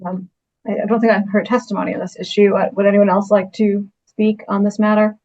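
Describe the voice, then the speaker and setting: A woman's voice: mid-range voice, flat delivery, a little fast, darkish tone. Firm woman judge on a dull line. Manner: firm, businesslike, hesitant fillers. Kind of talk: court hearing.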